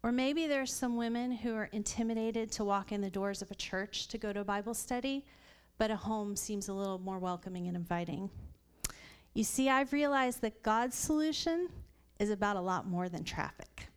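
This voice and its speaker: Woman in her 30s telling her faith story to a church group, earnest, clear smooth voice. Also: medium pitch, normal speed. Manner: earnest, warm storytelling with light laughs. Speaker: church member sharing a testimony. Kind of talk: personal testimony at a women's Bible study.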